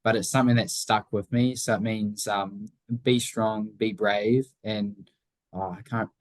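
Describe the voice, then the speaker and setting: A teenage motorcycle racer with a Southland New Zealand accent, appearing as an interview guest, talks casually and rambles, circling his points with lots of fillers and restarts. His slightly low voice holds a steady tone at a somewhat slow pace. The rough recording is dry and close, with no echo or room sound.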